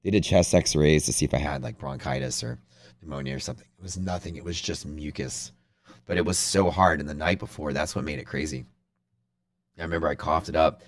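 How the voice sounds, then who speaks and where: Casual streamer host, young man, very deep voice, loose rambling storyteller. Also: fast talker. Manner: rambling, animated, heavy use of "like". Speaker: day-trading livestream host. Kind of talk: casual storytelling to a live audience.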